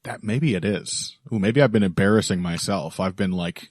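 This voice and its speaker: A man's voice: fairly low pitch, normal speed, hardly any pauses, dry recording, studio quality. A man hosting a podcast in casual chat, joking and laughing often. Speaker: podcast host.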